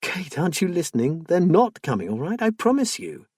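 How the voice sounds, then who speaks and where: A man voicing a strained, defensive middle-aged husband in an audiobook, coaxing and exasperated in turn, with a husky voice. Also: a little high, big pitch swings, brisk, darkish tone, no echo, clean studio sound, voice pushed up, full character voice. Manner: pleading, then tense and exasperated.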